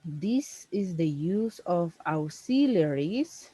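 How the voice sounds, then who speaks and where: Slow, low-voiced woman teaching English. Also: lively intonation, warm tone, breathy edge, no echo, low-quality recording. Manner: slow, careful explaining with stressed words. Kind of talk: one-on-one online English lesson. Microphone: video call.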